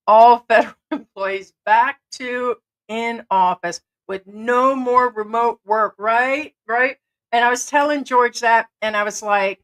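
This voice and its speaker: A woman's voice: mid-range voice, steady tone, slow, fairly bright tone, poor audio. Chatty woman, livestream co-host, mid-range voice, tells stories by acting out what everyone said. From United States. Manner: chatty storyteller, acts out quoted dialogue. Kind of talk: casual livestream chat.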